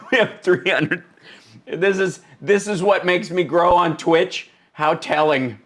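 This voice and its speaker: A man's voice: high voice, fairly even intonation, slow pace, fairly bright tone. A man hosting a live stream, giving comic political commentary in an exclaiming, mock-incredulous way. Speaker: livestream host.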